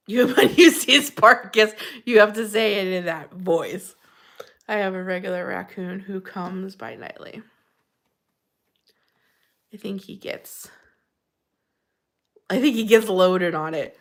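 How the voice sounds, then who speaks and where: A woman's voice: medium pitch, measured pace, long pauses, a bit bright. Woman hosting a casual live chat; friendly and talkative, laughs a lot, reads out viewer names. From Pennsylvania. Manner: chatty, greets viewers by name, laughs often. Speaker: livestream host reading chat.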